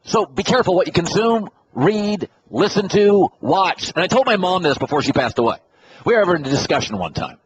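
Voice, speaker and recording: A man's voice: high voice, very animated, a little fast, dull audio, slight background noise. A man hosting a radio talk show in a casual monologue, blunt and opinionated, lecturing his listeners. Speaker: radio host.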